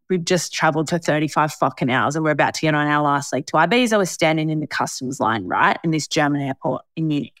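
A young Australian woman tells a story on her podcast, laughing often and swearing freely. Her voice sits a little low. The sound is dry and close. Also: no echo. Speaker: podcast host. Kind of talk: casual chat.

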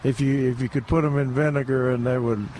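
A man's voice: mid-range voice, steady tone, a little mellow. Man, garden radio co-host, stop-start casual delivery, faint noise behind. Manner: halting, repeats words.

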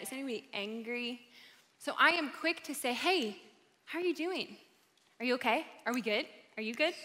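A woman's voice: fairly high pitch, bright, forceful tone. A woman giving an upbeat, encouraging talk to a live audience in a large room, chatting casually as she speaks. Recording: hall reverb.

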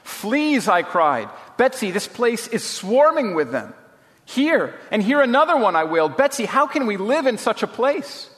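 A man's voice: normal speed, few pauses, sharp tone. A man reading aloud and voicing a distressed young woman prisoner who cries out in fear. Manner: high, wailing cries. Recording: long hall reverb.

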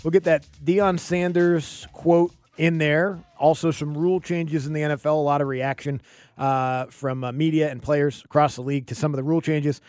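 A man's voice: on the high side, steady tone, darkish tone, no echo. A man co-hosting a sports radio show, chatting casually and easily with his partner. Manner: quick, easygoing banter. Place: radio studio. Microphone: studio microphone.

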